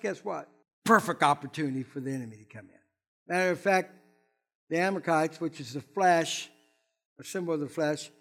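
A man preaching a Sunday sermon in a high-pitched voice. He talks animatedly and conversationally, throwing asides at the congregation. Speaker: pastor.

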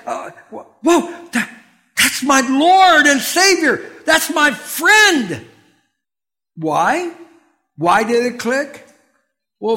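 Lively pastor preaching with a high voice. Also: male voice. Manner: animated, swings from loud exclamations to quiet asides; conversational, asks the audience questions. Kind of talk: sermon.

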